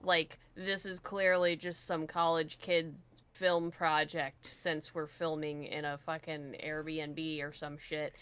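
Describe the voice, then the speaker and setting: She chats loosely as a podcast co-host, trading opinions on a low-budget film. Her talk is casual and profane, with lively retellings of what she thought while watching. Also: takes it slowly, clear, resonant tone. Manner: swears casually, animated retellings. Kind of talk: casual movie review chat.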